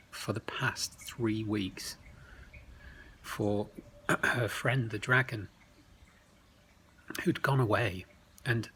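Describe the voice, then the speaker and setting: A man telling a bedtime story, slow and expressive, often dropping to hushed tones. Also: fairly low pitch, slight background noise, rough recording.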